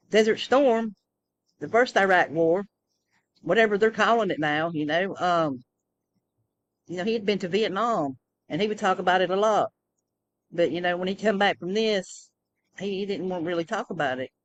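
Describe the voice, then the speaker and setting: A woman's voice: medium pitch, normal speed, pauses often, muffled recording. A woman rambling through a casual personal monologue, full of fillers and restarts. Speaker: vlogger.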